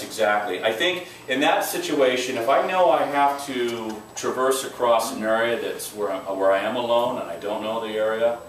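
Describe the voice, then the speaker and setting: A man teaching a self-defense class, speaking in an intense, emphatic and direct way. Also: lowish voice. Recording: echoey room, mic far off, faint noise.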